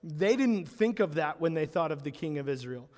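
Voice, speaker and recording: A man preaching a sermon in an animated storytelling way, acting out the biblical characters' lines as he goes. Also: a little high, normal speed, in a large hall. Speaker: pastor.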